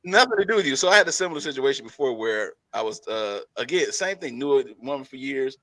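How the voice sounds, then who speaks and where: A man's voice: mid-range voice, quick pace, no echo. A man co-hosting a casual talk show, telling stories with laughs and repetition. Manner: animated storytelling, laughs often, repeats himself. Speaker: podcast co-host. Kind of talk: casual chat.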